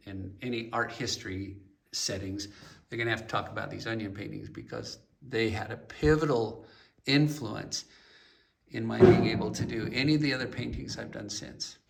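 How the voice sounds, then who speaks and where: A man teaching a painting lesson, explaining at an unhurried pace while pointing at his work and mixing in stories. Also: fairly low pitch, steady tone, vocal fry, distant mic. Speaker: painting instructor.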